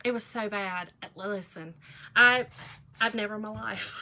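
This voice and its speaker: A woman's voice: a little high, expressive, measured pace, pushed and bright. A woman, telling a funny story in a casual vlog chat, laughing often and saying "y'all" a lot. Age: 40s. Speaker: vlogger.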